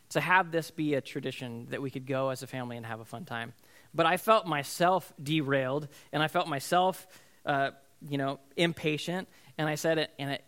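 A man's voice: on the high side, sharp tone. A man in his thirties, a pastor, preaching in a conversational storytelling way and often asking his listeners "right?". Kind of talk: sermon.

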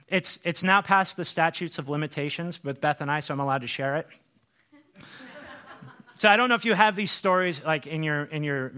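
A middle-aged male pastor delivers a sermon as a lively story, slipping into the voices of the people he quotes. His voice sits a little high and sounds bright and forward. He talks in a loose, conversational way with many restarts. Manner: animated storytelling, acts out quotes.

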